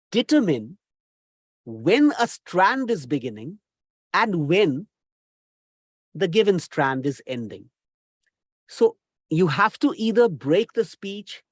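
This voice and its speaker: A man, a communication trainer giving a recorded lecture, speaking in a deliberate, instructive way and repeating key phrases, still getting over a cough. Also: high-pitched, dry recording, studio quality. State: recovering from a cough.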